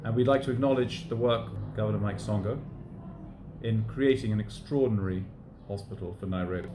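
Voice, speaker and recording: A man visitor giving formal, measured praise in a short speech. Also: lowish voice. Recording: echoey room with noise.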